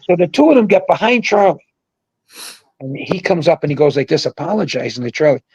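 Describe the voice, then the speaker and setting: Gravelly older man telling rambling stories. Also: fairly high pitch, brisk, dry recording, dull audio. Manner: rambling, animated storyteller who shouts out quoted lines. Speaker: guest, former pro bowler. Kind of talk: casual storytelling on a livestream. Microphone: video call mic.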